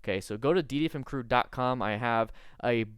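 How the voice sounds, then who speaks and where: Smooth-voiced man coaching riders. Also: mid-range voice, brisk, dry recording, clean studio sound. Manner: earnest, instructive, stifling laughter. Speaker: motorcycle riding coach. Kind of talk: casual video commentary.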